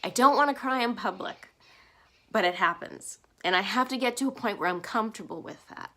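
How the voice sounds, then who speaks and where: A woman's voice: a little high, fairly quick, a bit bright. Earnest emotional woman vlogging. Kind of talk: personal reflective vlog.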